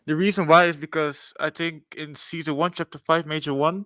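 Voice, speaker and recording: A man's voice: on the high side, fairly even intonation, a little fast, fairly bright tone, dry recording. A man with a Dutch accent calling in to a podcast, giving his opinion hesitantly and hedging with fillers. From Netherlands. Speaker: caller.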